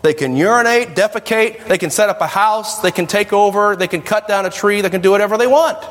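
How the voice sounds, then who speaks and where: A man's voice: sits high, brisk, hardly any pauses, fairly bright tone. A man preaching a sermon to a congregation, emphatic and questioning his listeners. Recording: echoey hall with long reverb.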